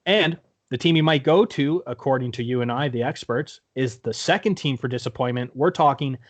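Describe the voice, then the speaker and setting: A man co-hosting a podcast with a Canadian accent, talking sports in an animated, casual way, swearing freely and agreeing with quick "yeah"s. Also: medium pitch. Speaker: podcast co-host.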